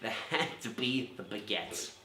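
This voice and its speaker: A man on a comedy stage impersonating a rumpled, dogged TV police lieutenant, talking in a slow, quiet drawl that keeps circling back with "sir" and "you see.". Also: fairly low pitch, lively intonation, very noisy, voice pushed down. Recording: roomy club echo.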